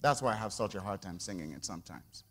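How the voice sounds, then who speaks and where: A man's voice: deep voice, expressive, fast talker, fairly bright tone. A middle-aged man preaching a conversational sermon in church, often calling for the congregation's response. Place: church sanctuary. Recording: long church reverb.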